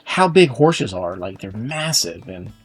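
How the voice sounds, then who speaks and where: A man's voice: on the low side, very animated, measured pace, breathy edge, soft background music. A young man from Texas with a Texan accent, casually commenting on a game in a rambling, chatty way full of filler words. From Texas, USA. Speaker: gaming channel host.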